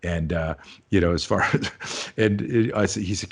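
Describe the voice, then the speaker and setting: As a podcast guest, a man in his fifties who teaches self-defense spins an animated tale, voicing the dialogue himself and cursing liberally. He speaks at normal speed in a low-pitched, slightly rough voice.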